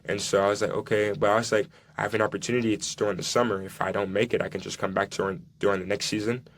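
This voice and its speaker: A young man with a fairly low voice tells his story in an even tone. He acts out dialogue from his past and restarts his sentences often. This is a casual sit-down conversation. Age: young adult. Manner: recounts dialogue, halting restarts. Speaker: guest, soccer player.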